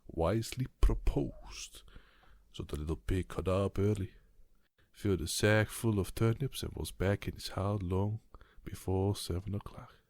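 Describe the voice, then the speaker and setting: A man reading a bedtime story aloud in a calm, soothing, soft-spoken ASMR manner. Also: deep voice, creaky, dry recording.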